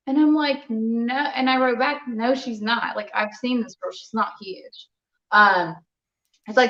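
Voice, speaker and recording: A young adult woman, a fighter being interviewed, telling a story in a lively, casual way and acting out what others said. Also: a little high, normal speed. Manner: animated, quotes others in conversational retelling. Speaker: muay thai fighter, interview guest. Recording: roomy, slightly dull sound.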